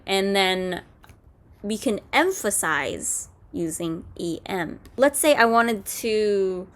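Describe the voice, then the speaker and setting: A woman hosting a coding tutorial, explaining each step in a casual way with fillers and self-corrections. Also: medium pitch. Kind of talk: screen-recorded coding lesson.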